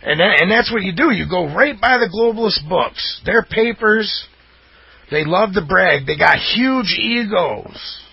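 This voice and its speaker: A man's voice: high voice, lively intonation, a little slow, vocal fry, breathy edge. A man delivering a fired-up, rambling monologue as host, emphatic and insistent. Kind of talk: impassioned conspiracy monologue. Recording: dull lo-fi audio.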